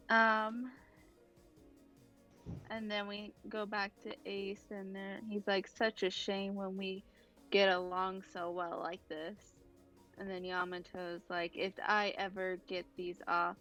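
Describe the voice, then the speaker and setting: Podcast lady going through comic panels real slow, lots of ums, faint music under her. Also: medium pitch, a bit bright. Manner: hesitant and unhurried, many ums. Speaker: podcast co-host. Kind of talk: casual manga recap, reading out dialogue.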